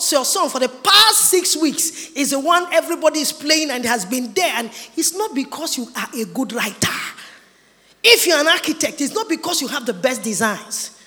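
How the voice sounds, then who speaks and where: At an ordinary pace, a female preacher delivers her sermon with a high, bright, forceful voice, the words echoing with long reverb around a large hall. She's animated and emphatic, and she drops into impressions of other people.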